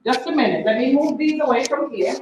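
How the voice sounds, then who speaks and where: A woman, the host chef of a cooking stream, giving cheerful shout-outs and often saying "all right" between names. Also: high-pitched, expressive, fairly quick, roomy sound, background noise. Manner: cheerful, repeats "all right" and "big up yourself".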